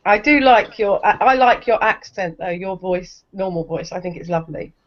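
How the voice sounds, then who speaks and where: A woman's voice: mid-range voice, moderate pace. A woman bantering in an online hangout with a teasing, sarcastic edge. Her voice sits mid-range, and the call audio is dull and lo-fi. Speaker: hangout participant. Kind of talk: casual group video chat.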